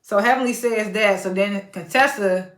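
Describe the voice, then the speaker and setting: Woman, casual reality TV recap, chatty, laughs a lot, mid pitch, echoey room. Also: moderate pace. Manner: chatty, laughs often while retelling scenes. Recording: roomy echo.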